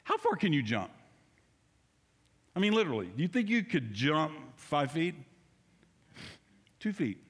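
A man preaching a sermon to a congregation in a church, animated and speaking straight to the people with rhetorical questions. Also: fairly high pitch, unhurried, pauses often, slightly rough, big-room sound. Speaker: pastor. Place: church sanctuary.

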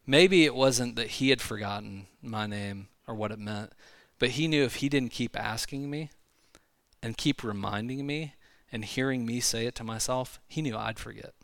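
A man preaching to a church congregation in a casual, conversational way, full of asides and quick restarts. His voice sits at an ordinary middle pitch. The sound is close and dry, with hardly any room echo. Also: gravelly, fairly bright tone. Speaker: pastor. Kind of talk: sermon. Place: church sanctuary.

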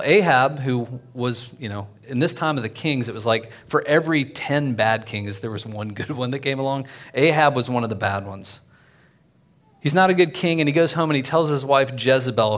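A man preaching a sermon in a casual, conversational way, full of fillers and "right?", swinging from loud and lively to quiet. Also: mid-range voice. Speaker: pastor.

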